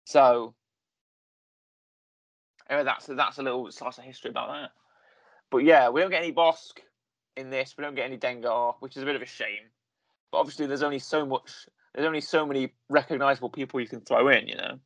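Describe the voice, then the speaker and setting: A man's voice: mid-range voice, fairly even intonation, fairly quick, pauses often, fairly bright tone, no room sound, lo-fi sound. A man hosting a casual review conversation, talking in a rambling way and often correcting himself with fillers. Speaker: podcast host reviewing a series.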